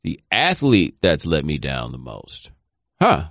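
A man's voice: on the low side, big pitch swings, measured pace, no echo, clean studio sound. A man guest on a sports podcast, chatting casually with wry, teasing, rambling jokes.

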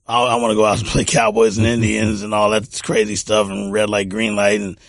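A man's voice: fairly low pitch, monotone, fairly quick, vocal fry, no echo. A middle-aged man from Texas, a music producer telling stories in a casual interview and often repeating words as he talks. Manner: rambling, repeats words, warm anecdotal.

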